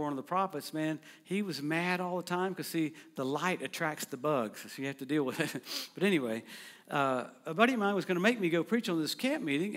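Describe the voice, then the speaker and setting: A middle-aged man telling a lively, playful story during a sermon in a church. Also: on the high side. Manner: animated, playful anecdotal delivery with quick asides. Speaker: guest preacher. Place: church sanctuary.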